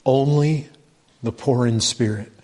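A man preaching a sermon, animated, asking the congregation rhetorical questions and stressing points with rising emphasis. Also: medium pitch, unhurried.

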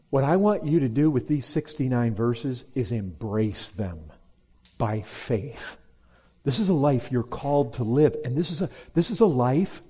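A man preaching an expository sermon to a congregation, emphatic and direct, repeating key words and dropping low and slow for stress. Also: husky. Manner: emphatic, swings between loud stress and low slow drops. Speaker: pastor.

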